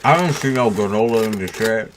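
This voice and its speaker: Deep-voiced laid-back man snacking on stream. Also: brisk, background noise. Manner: slangy, laid-back, chats while eating snacks. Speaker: tarot reader streaming live. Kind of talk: casual livestream chat. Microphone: new studio mic.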